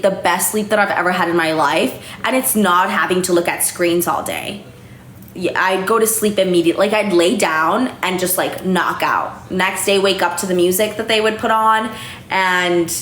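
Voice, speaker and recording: A woman's voice: fairly low pitch, fairly bright tone. A young woman hosting a casual live stream from home, chatty and a little tipsy, with lots of fillers and casual swearing. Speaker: livestream host. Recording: echoey room, faint noise.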